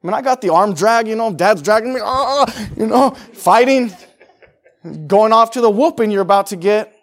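A middle-aged man preaching with a high voice. He talks to the congregation in a plain, conversational way and keeps circling back to the same phrases for emphasis. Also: quick pace. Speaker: pastor. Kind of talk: sermon.

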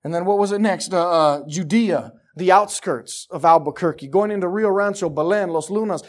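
Man, high voice, sermon, conversational, builds to shouting. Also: normal speed, hardly any pauses. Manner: builds from quiet talk to shouted preaching; conversational, with repetitions and restarts. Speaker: pastor.

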